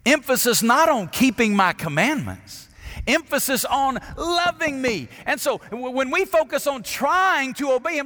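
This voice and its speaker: A middle-aged man, a pastor, preaching a sermon, swinging between loud emphatic declarations and hushed, intimate asides. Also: very high-pitched, animated, normal speed, long reverb tail.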